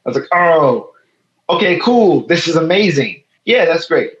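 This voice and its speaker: A man from Chicago's South Side in his thirties, speaking as a guest on a casual interview. He tells a story with energy, acting out the quotes as he goes. The recording is a bit dull and lo-fi. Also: fairly high pitch. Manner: animated, fast storytelling with quoted dialogue. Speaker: guest, photo editor.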